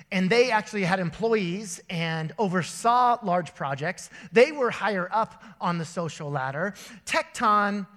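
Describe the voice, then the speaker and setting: A young man delivers a sermon in a church auditorium, his bright, high voice carrying a long reverb from the big room. He tells stories with lively put-on voices before turning to scripture. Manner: storytelling with animated voices and laughter. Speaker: pastor.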